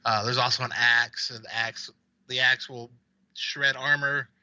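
A man rambles casually about games on a podcast, his voice very bright and forward. The sound is dry and close, though a little dull in band. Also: medium pitch, level tone, a little slow, no echo. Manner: rambling, with many fillers and restarts. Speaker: podcast co-host.

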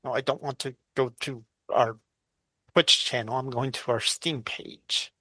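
Bright-voiced man in casual gaming chat. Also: medium pitch, fairly even intonation, a little slow, dry recording. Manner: rambling, self-correcting. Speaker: podcast co-host.

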